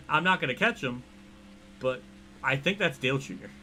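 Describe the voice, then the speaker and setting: A man's voice: a little high, animated, moderate pace, pushed and bright, a little hiss or hum. A man with a Pennsylvania accent giving live commentary while streaming a racing game, rambling and self-deprecating as he reacts to chat.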